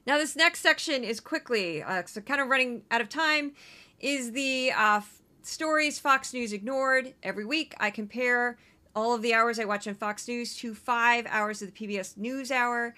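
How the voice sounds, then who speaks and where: A woman hosting a podcast, talking through clips with wry, chatty asides before reading a rundown of stories. Her voice is bright and forward. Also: fairly high pitch, normal speed. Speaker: podcast host. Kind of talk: casual political commentary and news rundown.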